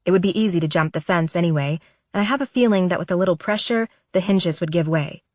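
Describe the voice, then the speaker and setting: Soft-spoken woman audiobook narrator. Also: on the low side, fast, no echo, studio quality. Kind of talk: scripted first-person audiobook narration.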